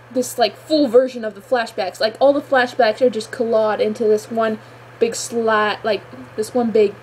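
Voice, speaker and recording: A woman's voice: a little high, darkish tone, slight background noise, poor audio. A woman reviewing a show episode in a gushing, exclamatory chat full of filler words. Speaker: fan reviewer.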